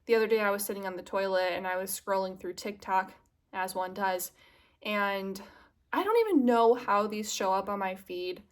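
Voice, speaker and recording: A woman's voice: mid-range voice, moderate pace. Chatty young woman confiding to camera. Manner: chatty and confiding, drifting from self-mocking jokes to earnest musing. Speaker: vlogger. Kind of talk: casual chat to camera.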